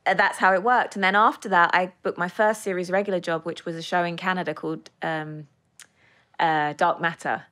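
A woman in her thirties from the United Kingdom, an actress telling career stories with animated energy in a casual studio podcast chat. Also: fairly low pitch, fairly quick. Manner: animated storyteller, lively laughs. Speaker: actress guest.

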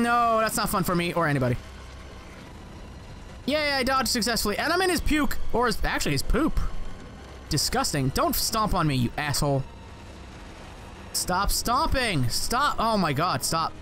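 A man giving let's play commentary on a video game, excitable, swearing and yelling at enemies, his voice cracking at times. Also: high-pitched. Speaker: gaming channel host.

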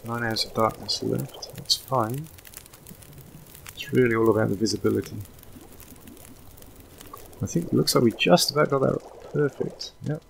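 A man giving casual, thinking-aloud commentary while playing a video game, drifting into relaxed, rambling asides. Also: mid-range voice, moderate pace, vocal fry, pauses often, slight background noise. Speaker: let's play host.

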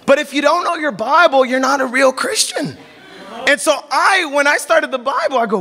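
A man preaches a sermon with an animated delivery, slipping into the voices of the people he quotes. His voice is high and bright. The sound carries a long reverb from a church hall. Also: brisk.

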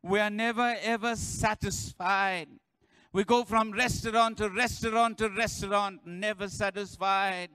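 Bright-voiced preacher. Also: male voice, sits high, steady tone, unhurried, smooth, dry recording, poor audio. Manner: preaching with shouted refrains and call-and-response. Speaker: pastor. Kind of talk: sermon. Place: church.

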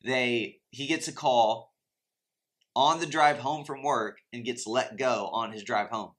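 A man's voice: medium pitch, a little slow, a bit bright. A man teaching about faith and money in a conversational, impassioned preaching style, full of asides to his viewers. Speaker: Christian finance teacher. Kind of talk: preachy teaching talk to camera.

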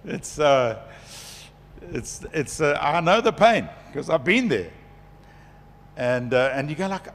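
A middle-aged man preaching a conference sermon as a pastor, chatty and lively, laughing between points. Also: a little high, slow, long pauses, slight background noise. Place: large conference hall. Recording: long hall reverb.

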